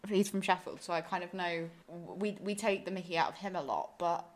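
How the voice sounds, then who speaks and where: A young woman from Essex, co-hosting a casual podcast chat, playful and quick to ask questions. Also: fairly low pitch. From Essex, England. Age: young adult. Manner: playful, asks questions, laughs easily. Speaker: podcast co-host, university student.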